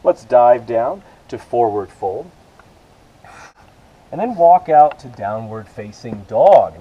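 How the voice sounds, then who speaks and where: Mellow-voiced man cueing a yoga class. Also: a little high, muffled recording. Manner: relaxed, encouraging cueing with self-aware asides. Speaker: yoga instructor. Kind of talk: guided yoga class cues. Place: outdoors with rain and hummingbirds about.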